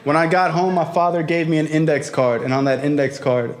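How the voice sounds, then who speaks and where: A man's voice: fairly high pitch, fairly quick. A young man speaking to a convention crowd about his recovery, telling stories animatedly and swearing often. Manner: animated, acts out quoted voices, frequent swearing. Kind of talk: storytelling speech at a convention. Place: convention hall before a crowd.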